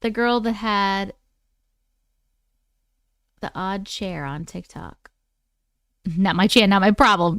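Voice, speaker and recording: A woman's voice: medium pitch, slow, long pauses, dry recording, studio quality. A woman with an Oklahoma accent hosting a casual livestream, venting with lots of swearing and laughter while reading viewer chat. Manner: animated, exasperated venting with frequent swearing and laughter.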